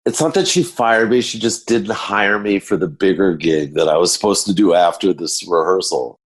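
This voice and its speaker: An older man, a photographer guest, telling backstage anecdotes in an animated storytelling manner. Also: low voice, normal speed, breathy edge. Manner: animated storyteller acting out quotes.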